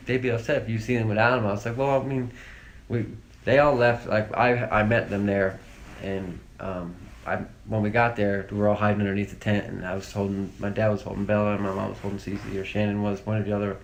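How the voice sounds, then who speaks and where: A man's voice: on the low side, little pitch movement, fast talker, gravelly, few pauses, a little hiss or hum. A man speaking as an interview guest, recalling family memories in a rambling, casual way full of fillers and restarts. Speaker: interview guest, victim's brother. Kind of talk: casual, emotional recollection.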